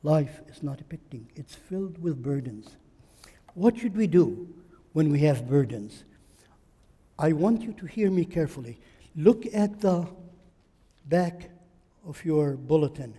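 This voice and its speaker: A man's voice: on the high side, lively intonation, measured pace, long pauses, mellow, husky, big-room sound. A man preaching a sermon in church, emphatic and repeating phrases for stress. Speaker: pastor.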